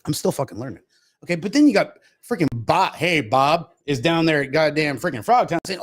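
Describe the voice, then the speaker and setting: A man's voice: fairly high pitch, lively intonation, brisk. A man hosting a podcast, ranting in a heated, profane, casual way. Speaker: podcast host. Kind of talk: casual chat.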